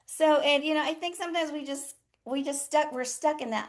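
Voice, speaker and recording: A woman's voice: high voice, fairly quick, hardly any pauses. A woman nurse coach hosting a casual livestream, frank and profane, laughing often as she talks. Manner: animated, voices others in quotes. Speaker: nurse coach and live session host.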